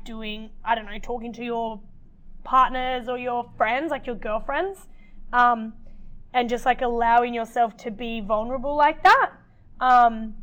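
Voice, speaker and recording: A woman's voice: fairly high pitch, a bit bright, smooth. A woman co-hosting a podcast, chatting in a frank, rambling way and swearing freely. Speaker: podcast co-host. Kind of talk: casual chat.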